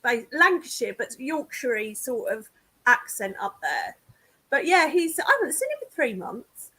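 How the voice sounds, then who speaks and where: A woman's voice: fairly high pitch, very animated, moderate pace, bright, forceful tone, slightly rough. A woman from England, a guest psychic medium chatting casually over a video call, laughing often and self-deprecating.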